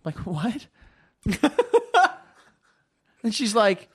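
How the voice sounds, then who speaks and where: A man in casual podcast chat, telling animated stories and swearing freely. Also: on the high side, normal speed.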